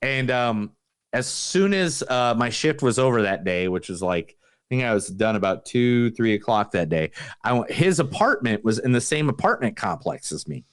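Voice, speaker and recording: A man's voice: mid-range voice, lively intonation, moderate pace, clear, resonant tone. A man in his forties, a podcast co-host, telling a story in casual chat, swearing freely and throwing in sound effects.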